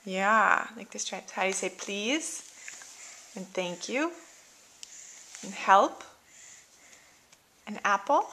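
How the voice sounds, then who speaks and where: A woman's voice: medium pitch, takes it slowly, creaky, long pauses, bright, forceful tone, a little hiss or hum. A woman at home quizzing a small child, patiently naming animals and repeating her questions, recorded on a handheld camcorder. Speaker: parent teaching a toddler sign language.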